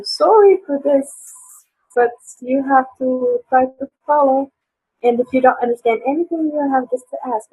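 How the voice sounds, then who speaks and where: A woman's voice: a little high, mellow, breathy edge, dry recording. A woman teaching a live online English class, hesitant and full of fillers, over dull lo-fi call audio. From Tunisia.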